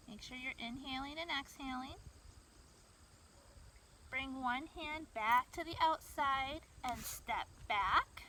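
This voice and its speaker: A woman with a high voice guides children through yoga poses in an unhurried, encouraging way. She stands well away from the camera outdoors, so her voice sounds distant. Clear outdoor noise sits behind her. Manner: gentle, encouraging, talks to kids directly. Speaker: kids' yoga teacher. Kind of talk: guiding a children's yoga class. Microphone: camera mic from far away.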